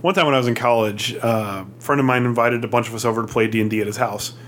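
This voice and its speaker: A man's voice: fairly even intonation, fast, a bit bright, a little hiss or hum. A man hosting a podcast, reading a sponsor spot and chatting in an easygoing way, chuckling along. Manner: easygoing, chuckling, friendly pitchman. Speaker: podcast host. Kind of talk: casual podcast chat with ad read.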